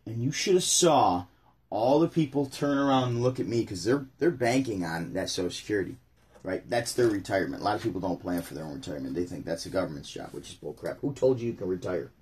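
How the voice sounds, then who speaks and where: Blunt, husky-voiced male stream host. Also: fairly low pitch, lively intonation, quick pace, a little mellow. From Syracuse, New York. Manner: blunt, ranting, chatty. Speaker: channel host. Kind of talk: casual opinion livestream.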